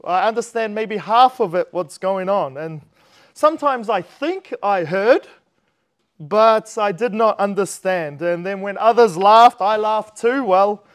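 Man, New Zealand accent, fairly high voice, chatty church sermon, easygoing with filler pauses. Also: smooth. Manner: relaxed, chatty and self-deprecating, with frequent filler pauses. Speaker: preacher.

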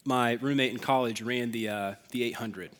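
A man's voice: medium pitch, fairly even intonation, normal speed, a bit bright. A young adult man preaching a sermon as pastor, conversational and self-deprecating, with casual asides.

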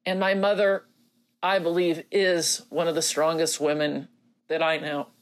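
A middle-aged woman speaking earnestly as a grieving mother to others who have lost children, halting and close to tears, with many pauses and fillers. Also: deep voice, flat delivery. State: emotional, near tears. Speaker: bereaved mother addressing grieving parents. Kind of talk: personal video message.

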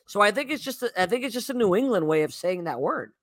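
A man co-hosting a casual sports talk show, excitable and animated, often repeating words as he goes. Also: high voice, fast, no room sound, clean studio sound. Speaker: podcast co-host.

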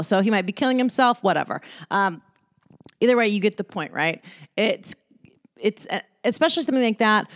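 A woman's voice: mid-range voice, no echo, studio quality. A woman hosting a casual self-help monologue, candid and joking, with profane asides.

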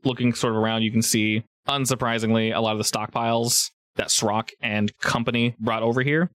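A man's voice: medium pitch, steady tone, fairly quick, a bit bright, no room sound. A man narrating as game master, in a loose, rambling way full of fillers. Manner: rambling, many fillers and restarts. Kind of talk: improvised tabletop game narration.

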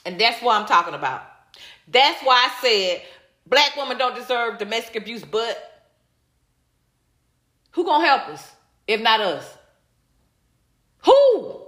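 Her voice high and bright, a woman reads viewer comments live and launches into a heated, casual rant, blunt and repetitive with occasional swearing. She sounds sing-song and a little slow, pausing often, in a roomy, echoey space.

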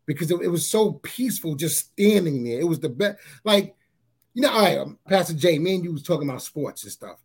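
Man telling his testimony, halting and earnest. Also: slightly rough. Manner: halting, repeats words, often says "you know what I'm saying"; grows animated at high points. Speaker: guest sharing a testimony. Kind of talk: casual spoken testimony.

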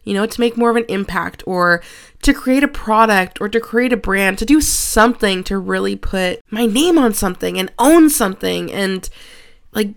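A woman's voice: mid-range voice, moderate pace, vocal fry. A woman in her twenties hosting a solo podcast, talking frankly and confessionally, swearing casually and leaning on filler words. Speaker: podcast host. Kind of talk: candid solo podcast monologue.

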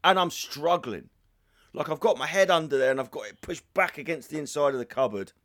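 A man's voice: a little high, fairly quick, a bit bright. A young man hosting a podcast, telling rambling, jokey stories with crude asides in casual chat. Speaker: podcast host.

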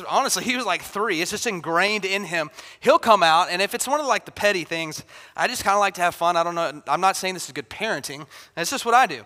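A man's voice: high voice, bright, forceful tone. A man in his thirties preaching a sermon, telling a family story and acting out his children's voices. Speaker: pastor. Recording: long hall reverb.

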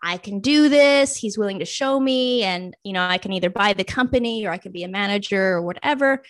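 A woman's voice: mid-range voice, fairly quick, no echo, studio quality. A young adult woman, a guest in a casual interview, telling her own story and acting out past thoughts and friends' lines.

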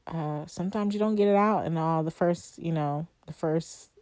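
Woman host, deep mellow voice, unhurried reflective monologue, dry close sound. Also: dry recording. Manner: heartfelt, conversational, with long pauses and rhetorical questions. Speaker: podcast host. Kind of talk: reflective solo podcast monologue.

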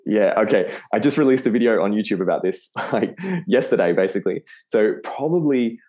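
A man's voice: on the low side, expressive, brisk, dark tone. A man with an Australian accent, a podcast guest who teaches Spanish, explaining patiently and repeating words to show how they sound. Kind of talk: podcast interview.

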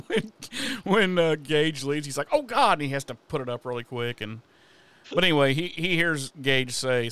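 A man's voice: mid-range voice, fairly bright tone, clean tone. A man casually recapping a TV episode as a podcast co-host, swearing freely and acting out the characters' lines.

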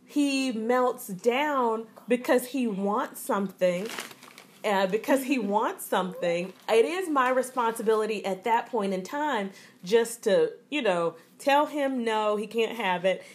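A woman's voice: a little high, a little slow, a little hiss or hum. A woman from the American South, an older mother of a toddler, co-hosting a podcast in a reflective, rambling way with restarts. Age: older mom of a toddler. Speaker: podcast co-host. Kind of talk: casual podcast chat.

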